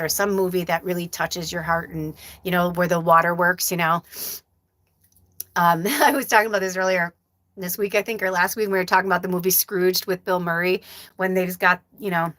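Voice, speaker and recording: A woman's voice: on the low side, a bit bright, no echo. A middle-aged woman hosting a live stream as a medium, talking casually and from the heart, rambling with many fillers.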